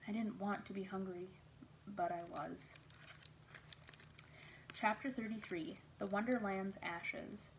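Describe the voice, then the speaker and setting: A woman reading a children's novel aloud as a storyteller, with gentle, expressive narration. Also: medium pitch, slight background noise, poor audio.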